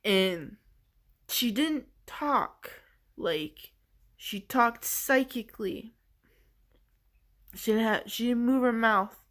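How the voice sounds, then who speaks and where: A woman vlogger recounting a personal experience in a halting, searching way, earnest and emotional, leaning heavily on "like". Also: a little high, fairly bright tone. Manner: halting and searching, heavy use of "like". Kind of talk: personal storytelling.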